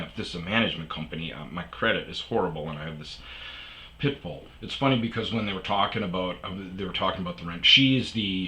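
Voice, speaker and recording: A middle-aged man, host of a storytelling show, telling a personal story in a rambling, casual way, with many restarts and fillers. He acts out other people loudly when quoting them, then drops low and quiet. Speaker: podcast host.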